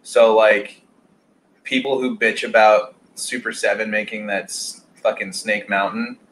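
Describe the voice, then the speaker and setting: A man co-hosting a casual toy chat, speaking in a relaxed, offhand way with some casual swearing. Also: on the low side, unhurried, a little hiss or hum, low-quality recording. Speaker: co-host on live chat. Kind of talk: casual live chat about toys.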